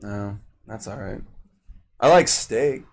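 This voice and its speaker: A man's voice: on the low side, slow, creaky. Man, guest comedian, casual interview chat, self-deprecating, jokey, faint noise behind. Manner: self-deprecating, joking, laughs often.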